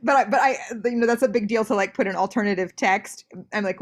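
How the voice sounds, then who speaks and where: Young woman guest, animated storyteller. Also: mid-range voice. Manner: animated storyteller, quick asides, frequent restarts. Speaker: guest scholar. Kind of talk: interview conversation. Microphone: video call.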